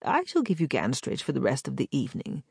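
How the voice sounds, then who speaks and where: A woman reading the part of a flattering, scheming gentleman captain in an audiobook, with polished, courtly manners. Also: rumbling low, quick pace, gravelly, breathy edge, no room sound, clean studio sound, full character voice. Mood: smooth scheming. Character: charming smooth-talking gentleman captain, scheming. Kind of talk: audiobook character voice.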